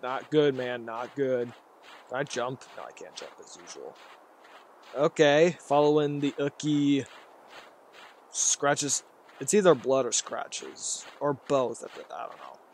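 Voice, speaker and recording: A man's voice: mid-range voice, slow pace, gravelly, pauses often, slight background noise. A man giving rambling commentary while playing a horror game, talking to himself and reacting aloud. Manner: rambling, jittery, talks to himself. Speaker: gaming YouTuber.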